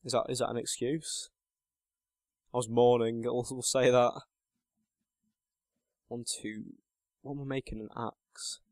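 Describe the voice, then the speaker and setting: Chatty teen gamer, dry sound. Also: male voice, mid-range voice, flat delivery, unhurried, long pauses, a little mellow, no echo. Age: late teens. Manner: chatty and self-mocking, muttering to himself while playing. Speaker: gaming channel host. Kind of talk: casual gameplay commentary.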